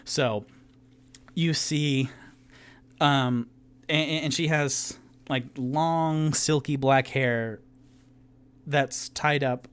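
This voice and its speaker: A man narrating as the game master of a tabletop game, describing scenes in a relaxed, casual way. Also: mid-range voice, extremely slow, long pauses, clear, resonant tone. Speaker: game master and solo player.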